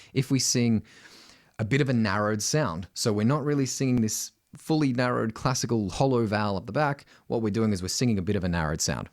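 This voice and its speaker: Australian man teaching singing, dry sound. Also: no room sound. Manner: direct, uses "right?" constantly, breaks into loud high sung examples. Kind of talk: singing lesson with sung demonstrations.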